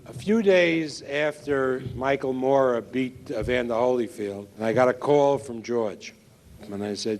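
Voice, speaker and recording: A man's voice: medium pitch, measured pace, a little mellow. A man, a boxing promoter, recounting a phone call in a documentary interview. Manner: anecdotal, quoting a phone call.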